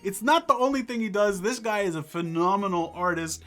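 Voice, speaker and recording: A man hosting a livestream talk show, excitable and animated, thanking chat viewers as he goes. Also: high voice, a little fast, soft background music. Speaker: host.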